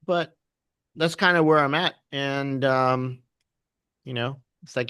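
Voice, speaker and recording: A man who trades options, chatting casually and telling animated stories. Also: mid-range voice, slow pace, long pauses, clear, resonant tone, no echo, studio quality. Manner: animated storyteller, laughs often, acts out quotes. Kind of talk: casual trading chat.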